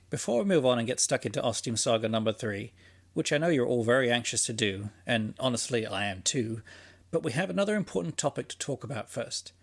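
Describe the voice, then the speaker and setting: A male podcast narrator talks through his thoughts in a scripted but chatty monologue. He sounds husky rather than polished, and his pitch sits in an ordinary middle range. A wry, sarcastic dryness runs underneath his musings.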